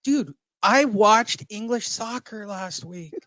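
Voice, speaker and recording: A man's voice: high-pitched, slow, pushed and bright, no room sound, highs cut off. A man hosting a casual chat with a jokey, chatty manner. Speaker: podcast host.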